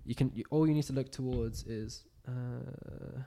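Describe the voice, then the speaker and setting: A man of middle pitch explains things at length in a casual chat. He stops and starts often, filling the gaps with uh and like. The tone is informal and conversational. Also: fairly even intonation, unhurried, creaky, dark tone, a little hiss or hum. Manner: explains with hesitant fillers and restarts. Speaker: podcast co-host.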